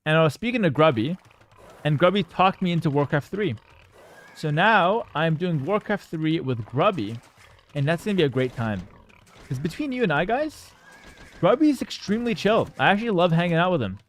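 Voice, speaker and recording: A man's voice: fairly high pitch, very animated, normal speed. A young man, streaming and commenting on a game with cocky, joking banter toward his chat. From Canada. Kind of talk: casual live-stream gameplay commentary.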